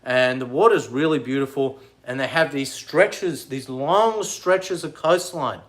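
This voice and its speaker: A man chatting casually on a livestream, rambling and excitable, answering commenters as he goes. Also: mid-range voice, a little slow. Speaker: vlogger.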